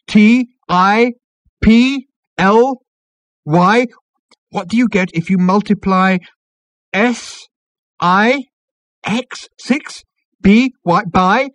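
A man reading an audiobook, voicing an excitable, eccentric man who gets loud and breathless when thrilled. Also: a little high, breathy edge, dry recording, voice pushed up. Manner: spells out letters in rising frenzy.

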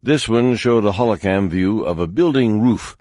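Male audiobook narrator, deep and measured, dry booth sound. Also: no room sound. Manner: measured, even storytelling.

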